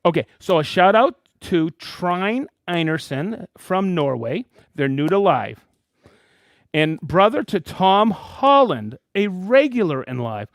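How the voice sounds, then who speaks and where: A man hosting a weekly live stream, reading out viewers' names and hometowns with excitement. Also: high voice, takes it slowly, no room sound, studio quality. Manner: lively, reads viewer names and places with excitement. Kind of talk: live stream shout-outs.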